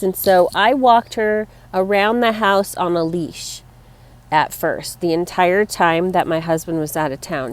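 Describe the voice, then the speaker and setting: A woman talking casually to her viewers in a personal vlog, chatty and rambling, fond and tender as she talks about her pets. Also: on the low side. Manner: chatty and rambling, laughs between thoughts. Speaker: vlogger.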